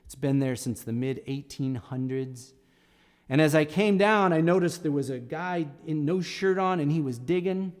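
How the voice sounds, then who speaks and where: A man's voice: a little high, expressive, normal speed, big-room sound. A middle-aged man, a singer-songwriter on a live stream, telling a story in a casual and rambling way with many restarts. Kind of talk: casual spoken storytelling between songs.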